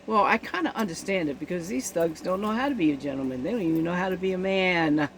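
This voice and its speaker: A woman's voice: lowish voice, expressive, fast talker, a little hiss or hum, low-quality recording. A woman giving casual spoken commentary on a news event, indignant and emphatic, often checking in with her listeners.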